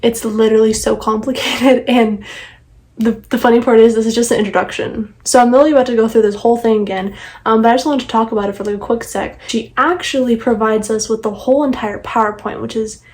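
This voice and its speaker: A woman's voice: a little high, fairly even intonation, quick pace, darkish tone, low-quality recording. Chatty young woman vlogging. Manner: chatty, upbeat, rambling with fillers. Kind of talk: casual vlog.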